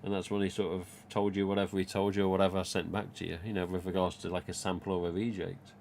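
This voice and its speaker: A man's voice: deep voice, little pitch movement, quick pace, creaky, darkish tone, a little hiss or hum. A man, hosting a casual live stream about collectible masks and reading viewer comments aloud in a rambling, chatty way.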